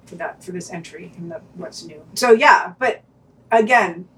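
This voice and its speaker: A woman's voice: on the low side, moderate pace, fairly bright tone, recorded from a distance. A woman co-hosting a podcast, giving wry reviews and thinking aloud in a hesitant, restarting way. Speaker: podcast co-host. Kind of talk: podcast reviews and casual discussion.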